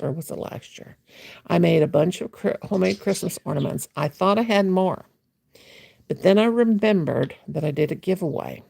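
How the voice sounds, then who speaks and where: A woman hosts a casual late-night livestream from her home, rambling along in an unhurried way. Her voice is gravelly and slightly husky, and it swoops up and down a lot as she teases and greets her viewers by name. The sound is close and dry. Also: fairly low pitch, a little mellow, dry recording. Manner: teasing, playful, mimics a gushing voice. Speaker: livestream host.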